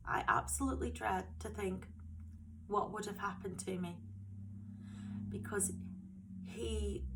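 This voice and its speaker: A middle-aged woman recounts a frightening memory in a quiet, even voice. Her pitch barely moves, and she halts and repeats herself as she speaks. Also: background noise. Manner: halting, repeats words, speaks softly. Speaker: storyteller. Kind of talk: personal true story narration.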